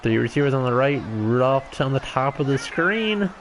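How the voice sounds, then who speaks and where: A young man calling his own video game match live, chatty and joking, getting excited on big plays. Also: medium pitch, normal speed. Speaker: gaming YouTuber. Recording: noisy home recording.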